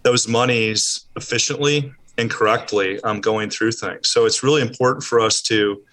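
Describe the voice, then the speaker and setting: Earnest male charity head, bright voice, measured answers. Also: mid-range voice, fairly even intonation. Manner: earnest, measured, uses ums. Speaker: charity CEO guest. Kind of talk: interview answers.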